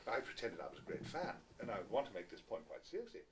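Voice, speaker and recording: A man's voice: lowish voice, huge pitch swings, fast. Theatrical older man telling wry tales. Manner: theatrical, wry, self-mocking. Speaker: guest actor answering fans. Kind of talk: anecdotal storytelling. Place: small packed venue, indoors. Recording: distant amateur recording with faint hiss.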